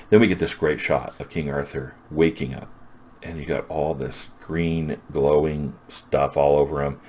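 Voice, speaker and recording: A man's voice: rumbling low, darkish tone. A man casually retelling a comic's plot as a reviewer, rambling and enthusiastic.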